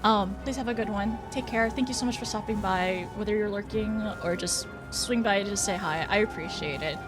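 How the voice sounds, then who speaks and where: A woman's voice: mid-range voice, moderate pace, music in the background. A young woman streaming a game, chatting casually with her viewers, flustered and often laughing. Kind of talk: casual live-stream chat while gaming.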